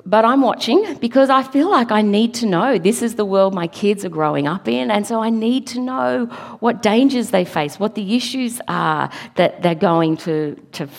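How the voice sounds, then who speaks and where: A woman's voice: medium pitch, very animated, measured pace, gravelly. A middle-aged woman giving an earnest, emphatic church talk, now and then laughing at her own slips. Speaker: preacher. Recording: long hall reverb.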